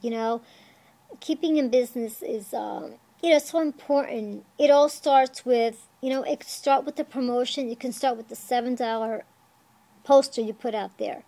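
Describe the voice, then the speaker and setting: A chatty woman with a slightly high voice talks casually from her own salon. She owns the salon and cuts hair, and she tells lively stories about her clients while offering business tips. She leans on "you know" often. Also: normal speed. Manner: chatty, lots of "you know", animated storytelling. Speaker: salon owner and hairstylist. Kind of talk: casual advice talk.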